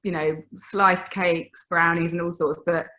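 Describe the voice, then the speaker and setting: A woman's voice: on the low side, little pitch movement, unhurried, sharp tone. A woman in her thirties from England, a baker chatting on a video call, laughing often and restarting her sentences. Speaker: baker, guest. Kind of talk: casual video-call chat.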